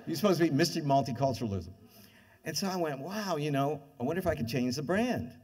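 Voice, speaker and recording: A man's voice: on the high side, fast, breathy edge. An older man giving a university lecture, telling stories and acting out the voices of the people in them. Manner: lively anecdotes, acts out quoted voices. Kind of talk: animated storytelling lecture. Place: lecture hall with audience. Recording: lecture hall reverb.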